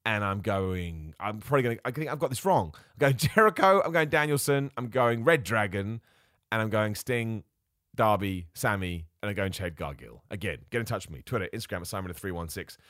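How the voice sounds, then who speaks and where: A podcast host, male and excitable, runs through his picks alone at a fairly quick clip, self-mocking and jumping from thought to thought. His pitch sits mid-range but moves a lot. The sound is dry and close-miked, without any room echo.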